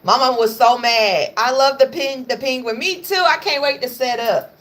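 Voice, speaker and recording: A woman's voice: high-pitched, moderate pace, fairly bright tone. A woman hosting a casual livestream, talking bluntly and profanely and scolding her pets between topics. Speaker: livestream host.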